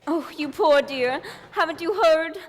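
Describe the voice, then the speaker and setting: A flighty young starlet bride gushes in a breathless, melodramatic way, played by a woman. Her voice is high. It rings through a theatre hall with faint noise behind it. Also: measured pace. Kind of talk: amateur stage musical acting.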